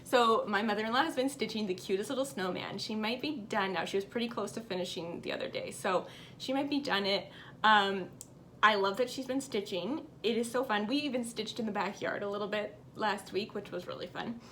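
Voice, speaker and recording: A woman's voice: mid-range voice, a little fast, a bit bright, a little hiss or hum. A woman hosting a cross-stitch vlog, chatting upbeat to camera and reading out viewer comments at home. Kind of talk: casual chat to camera.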